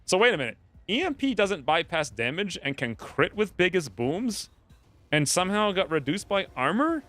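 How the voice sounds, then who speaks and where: A man's voice: high voice, very animated, moderate pace, a bit bright, soft background music. A man giving casual live commentary on a strategy game, chatty and thinking aloud, often laughing. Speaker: game streamer.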